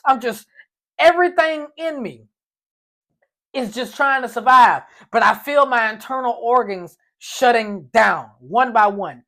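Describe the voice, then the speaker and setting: A man telling a comic personal story in a story time vlog, animated and playful. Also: very high voice, measured pace.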